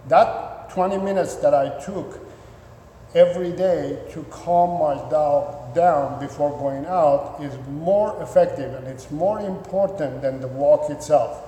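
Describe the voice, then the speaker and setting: A man's voice: on the high side, unhurried, slight background noise. A man who trains dogs, giving an instructional talk to viewers, often repeating himself and restarting sentences. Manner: repeats words, restarts sentences, acts out excited owner voices. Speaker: dog trainer. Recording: echoey room with long reverb.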